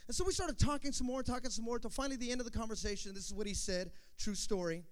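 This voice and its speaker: Man, high voice, animated storyteller, acts out dialogue, testimony style. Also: fast, smooth. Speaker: former youth pastor telling a testimony.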